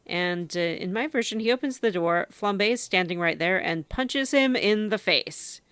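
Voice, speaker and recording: A woman's voice: mid-range voice, lively intonation, normal speed, a bit bright, clear, resonant tone, no room sound. A woman co-hosting a gaming podcast, casually recapping a story game's scenes and laughing often. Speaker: podcast co-host recapping a game. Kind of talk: casual chat.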